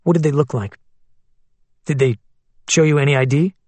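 A man voicing a tense, anxious man on the run, speaking low and hushed in an audiobook. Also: normal speed, no room sound, natural voice.

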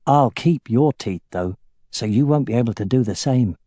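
A man's voice: medium pitch, expressive, normal speed, mellow, no room sound, studio quality, lightly acted. A man playing a savage, menacing warrior. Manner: threatening, mocking.

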